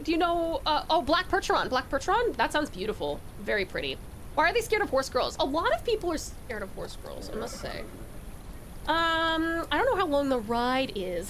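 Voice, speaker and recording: A woman's voice: sits high, big pitch swings, normal speed, fairly bright tone, a little hiss or hum. A woman from Tasmania, chatting bubbly and laughing with her viewers while streaming a game. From Tasmania, Australia. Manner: bubbly, laughs often, talks to chat. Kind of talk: casual live-stream chat while gaming. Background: faint game music.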